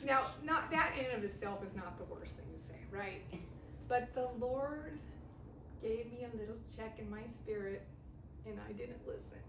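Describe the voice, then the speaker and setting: A woman's voice: fairly high pitch, normal speed. A middle-aged woman from Southern California telling a personal story in a women's Bible study, laughing often and acting out what people said. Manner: lively storyteller who laughs and acts out quotes. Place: church meeting room. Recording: echoey room, distant mic, faint hiss.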